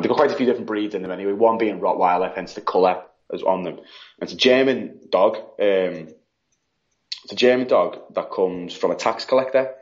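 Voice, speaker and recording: A man with a British accent, a podcast guest telling stories in a casual, animated way, acting out quotes and saying "like" a lot. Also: sits low. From United Kingdom. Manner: animated, acts out quotes, frequent "like". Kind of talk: casual storytelling. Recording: dull lo-fi sound.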